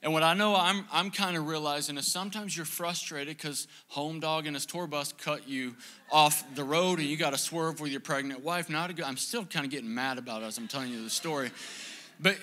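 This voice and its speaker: Young guy pastor preaching, kinda high voice, bright, jokey and animated. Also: fairly quick. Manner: animated, humorous, self-deprecating storyteller. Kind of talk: sermon with storytelling.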